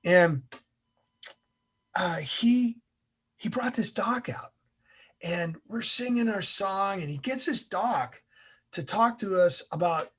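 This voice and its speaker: A middle-aged man, an interview guest, telling a story in an animated way and acting out the scenes. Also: sits high, slow pace, long pauses, husky.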